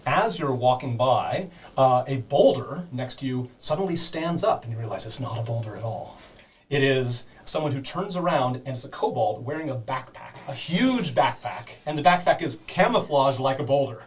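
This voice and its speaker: A man's voice: mid-range voice, expressive, moderate pace, recorded from a distance, poor audio. A man narrating as game master, explaining things casually, with many fillers. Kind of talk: teaching and narrating a tabletop game.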